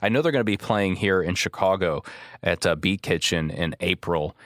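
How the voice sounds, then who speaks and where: A man's voice: low voice, moderate pace, fairly bright tone, no echo, studio quality. A man hosting a music podcast, talking casually with frequent fillers and self-corrections. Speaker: podcast host. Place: Chicago.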